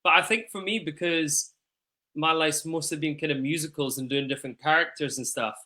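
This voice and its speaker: A musical theatre singer, here as an interview guest, chats casually in earnest, enthusiastic fast bursts. His male voice is a little high with a sharp tone.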